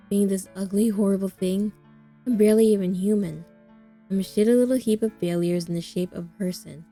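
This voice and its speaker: A woman's voice: medium pitch, dark tone, close to an everyday voice. A woman voicing a depressed, exhausted young woman in a visual novel, weary and self-loathing. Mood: bitter, anguished. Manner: weary, hollow, bursts into bitter anger.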